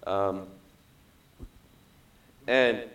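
A man's voice: low voice, fairly even intonation, very slow, a bit bright. Man teaching a Bible class, slightly distant. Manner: conversational, asks questions, frequent "right?".

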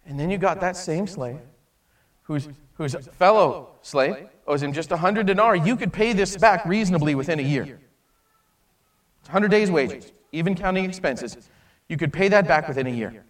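Animated high-voiced male preacher, a bit distant. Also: moderate pace. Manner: animated, acts out quoted voices, swings from loud to hushed. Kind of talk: sermon.

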